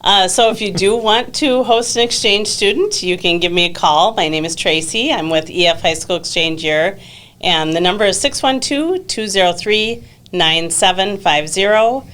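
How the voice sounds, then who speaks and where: A woman's voice: medium pitch, moderate pace. Woman guest talking easy and chatty on a podcast, lots of ums. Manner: relaxed, chatty, many fillers. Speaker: exchange student coordinator. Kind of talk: casual podcast interview.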